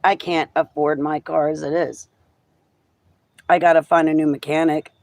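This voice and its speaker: A man's voice: on the high side, flat delivery, normal speed, creaky, dry recording. A man vlogging casually from a cluttered room at home on a handheld phone, rambling and cooing baby talk to his pets. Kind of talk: casual home livestream chat. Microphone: handheld phone camera.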